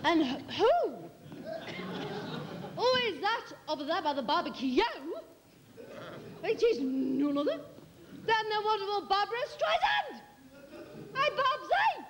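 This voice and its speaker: A woman comedian on a theatre stage, introducing her impressions with brisk, mock-grand showbiz patter. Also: very high-pitched, sing-song, big-room sound, crowd noise, background noise. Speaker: comedian performing a one-woman show. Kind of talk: live stand-up with impressions.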